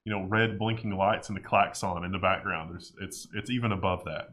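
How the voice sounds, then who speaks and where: A man's voice: deep voice, steady tone, brisk, a bit bright, slight background noise. A man co-hosting a casual tech news show, riffing and joking at length. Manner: joking, rambling riffs.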